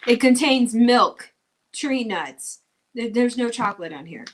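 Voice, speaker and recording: A woman's voice: fairly high pitch, expressive, measured pace, slight background noise. A woman from Missouri co-hosting a casual unboxing livestream, gushing enthusiastically about food. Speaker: livestream co-host.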